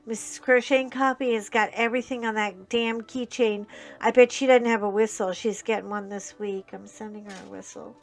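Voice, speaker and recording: A woman chatting casually while she crafts, telling a long story in a rambling, animated way, full of fillers and restarts. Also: a little high, normal speed. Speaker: crafting channel host.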